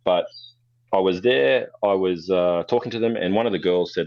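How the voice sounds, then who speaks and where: A deep-voiced Australian man tells his stories at a fast clip, blunt and animated, with curse words thrown in freely. The recording is dry and slightly dull, with no room sound around him. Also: dry recording. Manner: blunt, swearing, animated storyteller. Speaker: photographer guest. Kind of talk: casual storytelling interview.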